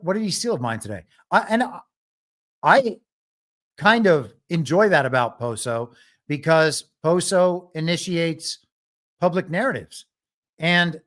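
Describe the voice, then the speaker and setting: A man's voice: a little high, fairly bright tone. A man hosting a live political commentary show alone, wry and argumentative, often laughing at his own jokes. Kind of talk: live solo commentary stream.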